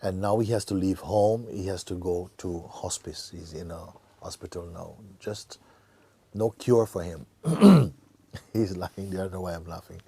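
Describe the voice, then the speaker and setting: A man giving a spiritual talk to a gathering, telling a story in a slow, playful way and acting out characters with gasps and laughter. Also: low-pitched, gravelly, mellow, slightly rough, no room sound. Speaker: spiritual teacher.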